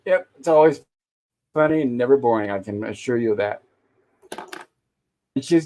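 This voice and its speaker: A man's voice: mid-range voice, brisk, pauses often, a little mellow. Chatty man retelling sitcom scenes. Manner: retells scenes, briefly acting out lines. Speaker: podcast host reviewing a classic sitcom. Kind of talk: casual livestream recap.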